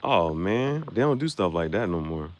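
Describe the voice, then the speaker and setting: A man's voice: deep voice, sing-song, moderate pace. A young man hosting a casual livestream, joking and reacting to viewers' comments with frequent laughter. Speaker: livestream host.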